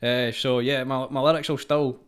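Smooth-voiced Scottish man chatting. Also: medium pitch, level tone, normal speed. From Fife, Scotland. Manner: chatty, laid-back, broken-up phrasing. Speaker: singer-songwriter guest. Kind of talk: casual podcast chat.

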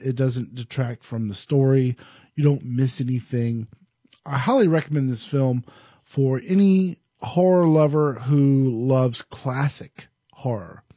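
A man's voice: fairly high pitch, dark tone, dry recording, clean studio sound. A man hosting a solo podcast, giving an earnest, digressive film review in a casual way.

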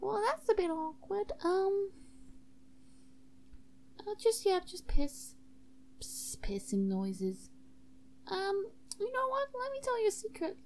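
A tipsy woman voicing a bubbly, rambling emo girl student in a high sing-song voice. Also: a little mellow, exaggerated voice. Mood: confiding.

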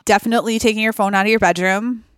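A woman guest on a podcast talks in a relaxed, chatty way, circling her thoughts with lots of filler words. Her voice is smooth and clear, recorded close and dry with no room sound. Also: medium pitch, very fast, dry recording. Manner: chatty, thinks aloud with many fillers. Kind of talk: casual conversational interview.

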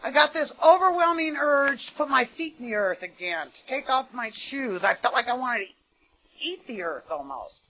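A woman's voice: sits high, very animated, normal speed, a little hiss or hum. An American woman giving an earnest, conversational recovery testimony at a meeting, often saying "you know". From United States. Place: meeting room. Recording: dull lo-fi meeting tape.

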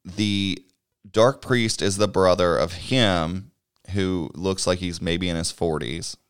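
A man's voice: sits low, slow pace, smooth, no room sound, studio quality. A man chatting casually, recapping a movie at a meandering pace, swearing and chuckling as he goes. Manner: rambling and swears freely, chuckling while recapping.

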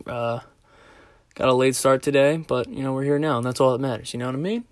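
A man's voice: medium pitch, steady tone, fast, dry recording, clean studio sound. A man hosting a podcast who tells a story in a casual, rambling way, swearing often and laughing now and then. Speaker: podcast host.

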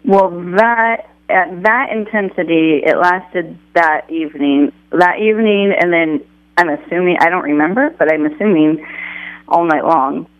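High-pitched male guest, halting and thoughtful, muffled lo-fi sound, dry. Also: dry recording. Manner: halting, many fillers, thoughtful. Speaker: author guest. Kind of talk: conversational interview.

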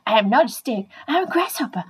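A woman's voice: on the high side, expressive, fast talker, husky. A woman voicing a rude, proud little grasshopper that speaks bluntly and indignantly.

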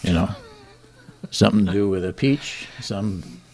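Gravelly man reading wry joke news. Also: low-pitched, a little slow, a little mellow. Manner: dry, wry delivery with chuckles. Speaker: comedy show host.

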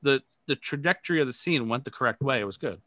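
A man's voice: medium pitch, expressive, fast talker, pushed and bright, no room sound. Rambling man running improv practice. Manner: rambling explanations, many restarts. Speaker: improv teacher. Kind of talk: casual improv practice chat.

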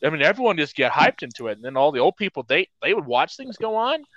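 A man's voice: a little high, fast, dry recording. A man in his twenties co-hosting a podcast, telling stories in casual chat with lots of swearing and acted-out quotes. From Midwestern United States. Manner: animated storyteller, swears a lot, acts out quotes. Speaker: podcast co-host. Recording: dull, lo-fi dry sound.

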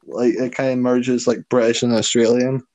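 A man's voice: mid-range voice, little pitch movement, normal speed, a little mellow, slight background noise. A young man chatting casually as a podcast co-host, rambling and hesitant, laughing often. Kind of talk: casual chat.

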